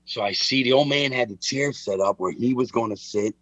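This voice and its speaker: A man's voice: medium pitch, fairly quick, a bit bright, no echo. A middle-aged man tells a story in loose, casual chat. He talks with animation and acts out the voices in his tale. The recording is dry and a little dull. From Philadelphia. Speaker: guest storyteller.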